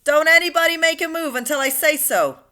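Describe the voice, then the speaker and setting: A woman's voice: high-pitched, brisk, pushed and bright, pitched above the performer's own voice. A woman voicing a grim, wary male fire chief in a storybook reading, stern and blustering.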